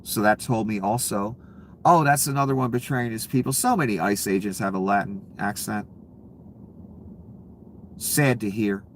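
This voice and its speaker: A man's voice: fairly low pitch, moderate pace, long pauses, a little hiss or hum. A man ranting about politics, heated and sarcastic, with frequent profanity. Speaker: political commentator. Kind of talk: angry political rant.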